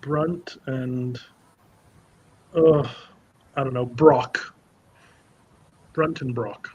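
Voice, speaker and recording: A man's voice: mid-range voice, fairly even intonation, extremely slow, a little mellow, breathy edge, lo-fi sound. A man competing in a trivia quiz, joking and thinking aloud while unsure of answers. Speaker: quiz contestant. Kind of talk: casual chat.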